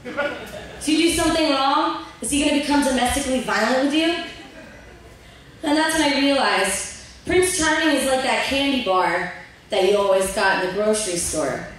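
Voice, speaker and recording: A young woman from Virginia works through a stand-up set on a bar stage, her voice a little high and delivered deadpan with plenty of "uh" pauses. The sound is very roomy and echoey, caught by a mic set well back from her, with faint noise underneath. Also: recorded from a distance. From Virginia, USA. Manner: deadpan delivery with filler pauses, laughs at own jokes. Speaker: stand-up comic.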